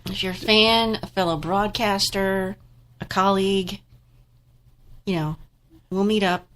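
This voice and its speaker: A woman's voice: mid-range voice, steady tone, unhurried, a bit bright. Congested woman co-host, chatty. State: congested, nasal. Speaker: podcast co-host. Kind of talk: casual chat.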